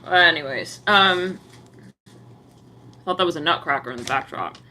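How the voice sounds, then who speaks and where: A woman's voice: deep voice, moderate pace, pushed and bright, a little hiss or hum. Chatty woman giving a tarot reading. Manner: chatty, giggly, self-mocking. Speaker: tarot card reader. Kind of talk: casual livestream tarot reading. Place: room at home with a cluttered desk. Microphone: mic placed across the room.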